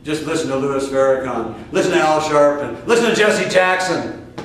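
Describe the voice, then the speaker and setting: Older midwestern guy preaching hard, a bit high-voiced, big echo, far from the mic. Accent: Midwestern American. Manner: fiery, emphatic preaching with sudden loud outbursts and drawn-out stresses. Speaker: spiritual teacher. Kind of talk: sermon. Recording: echoey distant room recording with faint noise.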